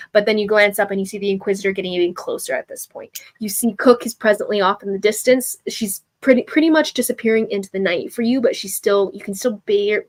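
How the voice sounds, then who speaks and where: A woman running a tabletop role-playing game, narrating scenes and asking players what they do. Her voice sits in a middle register, and she talks in a lively, chatty way, slipping into quick voiced asides. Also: medium pitch. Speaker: game master.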